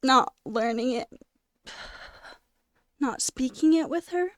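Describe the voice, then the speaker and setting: A young adult woman live-streaming, talking candidly and emotionally in a halting, casual way with many fillers. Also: sits high, no echo, studio quality.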